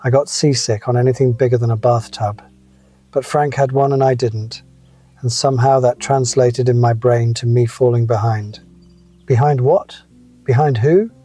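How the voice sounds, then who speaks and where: A man's voice: medium pitch, fairly even intonation, moderate pace, mellow, faint music behind. A man in his seventies telling wry, reflective personal stories as a scripted motivational talk. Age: 70s. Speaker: motivational speaker.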